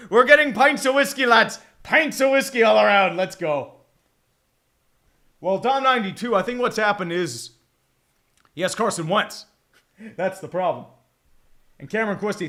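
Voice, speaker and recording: A man's voice: high voice, pushed and bright. A man streaming a football watch-along, chatting casually and profanely, with bursts of mock play-by-play calls. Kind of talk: casual live game commentary.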